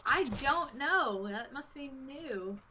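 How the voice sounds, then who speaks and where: A woman's voice: high voice, animated, slow pace, sharp tone, a little hiss or hum, low-quality recording. A woman hosting a casual co-op farming game, laughing often and thinking aloud as she plays. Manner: giggly and scattered. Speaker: gaming host. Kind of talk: casual co-op gameplay chat.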